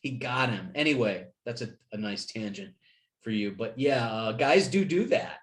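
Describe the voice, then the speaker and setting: A man's voice: medium pitch, lively intonation, moderate pace, fairly bright tone. A man hosting a podcast, telling stories in casual chat, swearing freely and acting out his friends' lines. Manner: profane storyteller, acts out friends' voices. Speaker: podcast host.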